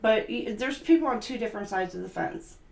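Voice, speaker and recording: A woman's voice: on the high side, lively intonation, a little fast, vocal fry. A woman doing a livestream tarot reading, chatty, emphatic and blunt. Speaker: tarot reader. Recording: echoey room with music behind. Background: background music.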